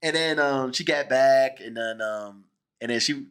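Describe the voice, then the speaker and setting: A man hosting a casual movie review chat with his sister, joking and animated, with frequent restarts. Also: mid-range voice, unhurried. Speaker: host.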